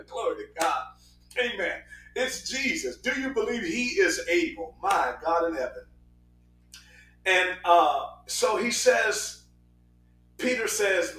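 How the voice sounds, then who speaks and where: A man preaching a sermon in an animated style, rushing through quick asides and breaking into sudden shouts. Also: high voice, echoey room, distant mic, a little hiss or hum, low-quality recording.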